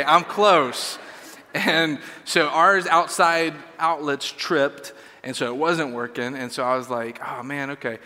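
A man tells a sermon story in a loose, self-deprecating way, stumbling through fillers. His voice is bright and forward. It rings with the long reverb of a church hall. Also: medium pitch.

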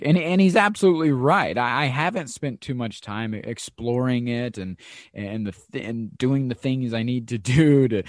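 A man's voice: medium pitch, darkish tone, no room sound, studio quality. A podcast host telling a story in a casual monologue, acting out quotes with lots of fillers and restarts, often laughing as he talks. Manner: laughs often while talking.

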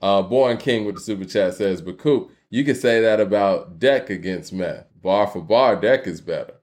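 A man's voice: fairly low pitch, moderate pace, a little mellow. A man hosting a casual live-streamed debate, loose and conversational, reading viewer messages aloud. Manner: loose and conversational, many fillers, walks through examples. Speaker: host reading super chats.

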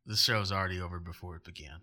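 A man's voice: sits low, fairly even intonation, quick pace, sharp tone. A man hosting a podcast in a casual, jokey, rambling way, poking fun at himself. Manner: jokey, rambling, self-mocking. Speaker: podcast host.

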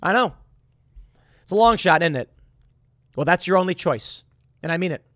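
A man giving sarcastic political commentary, mocking and animated, who jumps between loud outbursts and quiet asides. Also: high voice, normal speed, no room sound, studio quality.

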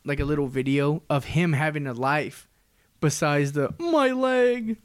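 A man co-hosting a podcast, teasing his friends and swearing in quick, joking banter. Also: fairly high pitch, little pitch movement. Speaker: podcast co-host.

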